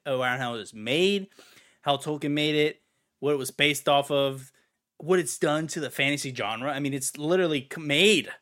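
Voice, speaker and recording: A man's voice: fairly high pitch, fairly bright tone. A man co-hosting a casual gaming podcast, ranting in an exasperated way and swearing now and then. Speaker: podcast co-host.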